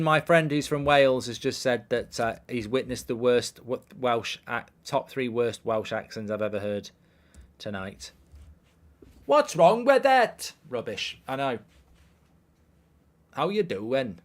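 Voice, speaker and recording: A man in his thirties hosts a live football watchalong, chatting loosely between moments of play. He reads viewer questions aloud and answers them in a dry, offhand manner. His voice sits in a middle pitch. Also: measured pace. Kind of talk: casual live-stream chat reading comments.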